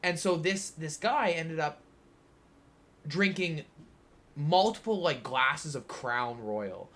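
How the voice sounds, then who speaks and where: A man's voice: fairly high pitch, lively intonation, slow, fairly bright tone. A young man co-hosting a podcast, telling a long anecdote in a rambling, casual way full of fillers. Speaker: podcast co-host. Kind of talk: casual storytelling chat.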